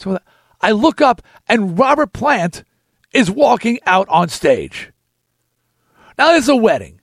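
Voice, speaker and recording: A man hosting a podcast, telling a story in an animated, emphatic way. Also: high-pitched, unhurried, dry recording, clean studio sound. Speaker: podcast host. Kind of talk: storytelling chat.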